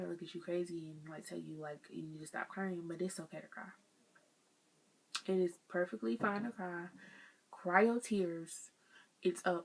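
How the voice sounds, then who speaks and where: A woman's voice: fairly low pitch, gravelly. A young woman, talking through life lessons to her viewers in a casual, earnest vlog and calling them y'all. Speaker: vlogger sharing life lessons.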